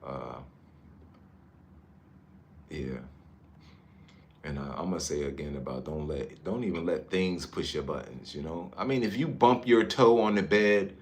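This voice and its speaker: A man from Newark, New Jersey, livestreaming casually from a high-rise hotel room on his phone and chatting with viewers about their comments. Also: a little slow, pauses often. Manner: laid-back, chatty, drifts between comments. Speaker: livestream vlogger.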